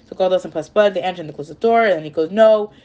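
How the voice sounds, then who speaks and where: A woman's voice: lowish voice, very fast, muffled recording. Rambling woman retelling a novel. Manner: rambling, with fillers and self-corrections. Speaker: storyteller.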